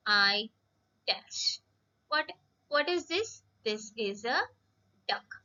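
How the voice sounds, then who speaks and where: In a recorded lesson for young children, a female teacher talks slowly and patiently, repeating words and frequently speaking to the kids directly. Her voice is a little high, bright, and forceful, and the audio's highs are cut off.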